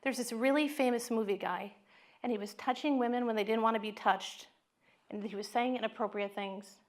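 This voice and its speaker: A middle-aged woman, a psychologist, giving a talk with candid, animated storytelling. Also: mid-range voice.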